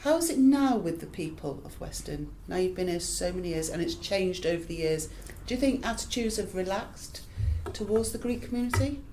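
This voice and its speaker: A woman interviewer asks long, encouraging questions in a chatty, meandering way. Her voice is fairly low and mellow. She sounds a little off-mic, with faint noise behind her. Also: animated, fairly quick, hardly any pauses, low-quality recording. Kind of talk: oral history interview.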